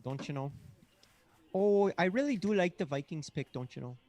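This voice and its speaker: A cheery, folksy Canadian-style fellow, put on by a man with a sing-song lilt. The voice sits noticeably higher than the speaker's own, and is laid on thick for laughs during a casual online chat. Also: expressive, moderate pace, darkish tone, no room sound, lightly acted. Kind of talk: comic impression in casual chat.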